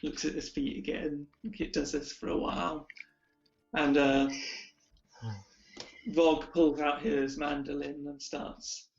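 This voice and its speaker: A man running a tabletop game, narrating unhurriedly and hesitantly with plenty of fillers. His voice is a bit high, over a dull lo-fi recording with faint music. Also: little pitch movement, reverberant, a little hiss or hum. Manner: slow, filler-heavy narration. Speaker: game master.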